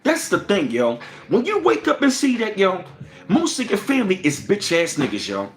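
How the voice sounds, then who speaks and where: A man hosting a livestream, ranting angrily and profanely with lots of repetition, swinging between loud bursts and low mutters. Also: huge pitch swings, normal speed. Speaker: livestream host.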